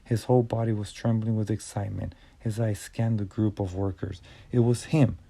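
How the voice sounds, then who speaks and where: A man narrating an audiobook in a measured reading style with small stumbles and restarts. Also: lowish voice, little pitch movement, vocal fry, mellow, dry recording.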